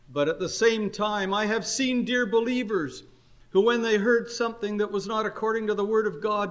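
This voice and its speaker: An older man preaching a sermon, earnest and unhurried, his voice climbing on emphatic questions. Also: fairly high pitch. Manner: earnest, slow exhortation with rising emphatic questions.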